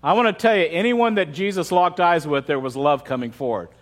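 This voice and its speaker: High-voiced pastor preaching with humor. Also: male voice, brisk. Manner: candid, humorous storytelling. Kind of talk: sermon.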